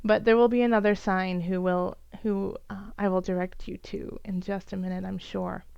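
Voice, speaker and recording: A woman's voice: mid-range voice, level tone, moderate pace, vocal fry, a little mellow, smooth, no echo, lo-fi sound. Lady doing a tarot reading, earnest and encouraging, dry close sound, lots of ums. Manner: earnest, encouraging, many fillers and restarts. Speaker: tarot reader. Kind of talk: tarot reading for the zodiac signs.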